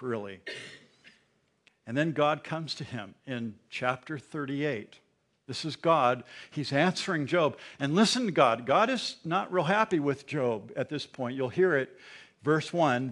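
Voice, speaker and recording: A man's voice: mid-range voice, lively intonation, a little slow. A man preaching a sermon, reading scripture aloud with emphasis and explaining it to his congregation. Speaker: pastor.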